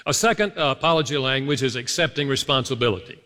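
A man's voice: mid-range voice, quick pace, bright, forceful tone. A man giving an earnest, emphatic teaching talk to an audience, speaking directly to his listeners. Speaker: speaker on marriage and apology. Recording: long hall reverb.

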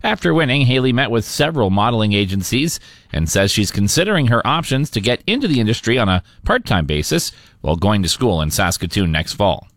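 Lively low-voiced news anchor. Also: male voice, dry recording, clean studio sound. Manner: steady, measured newsreader delivery. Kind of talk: scripted newscast reading.

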